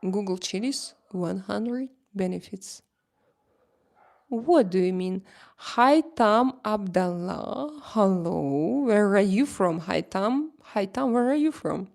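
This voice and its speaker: A woman with a Slavic accent chats casually on a livestream, reading and answering viewer comments. Her English comes in animated bursts that break off and restart. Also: medium pitch, vocal fry. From Slavic country. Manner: animated, halting, many restarts. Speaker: livestream host.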